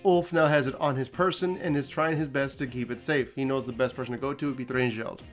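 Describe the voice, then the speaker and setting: A man's voice: mid-range voice, steady tone, fast, soft background music. A man hosting a casual story recap, talking animatedly, laughing often and acting out quotes. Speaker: host.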